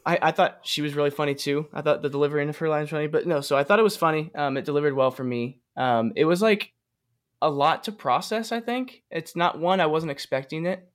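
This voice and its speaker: A man co-hosting a casual podcast movie discussion, talking haltingly with many ums and restarts. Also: on the high side. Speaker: podcast co-host.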